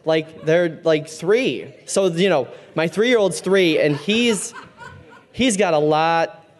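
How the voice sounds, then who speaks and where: A man's voice: a little high, lively intonation, takes it slowly. A man in his thirties, a parent and regular leader of a small church group, talking loosely with many fillers and restarts. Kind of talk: casual faith talk to a group.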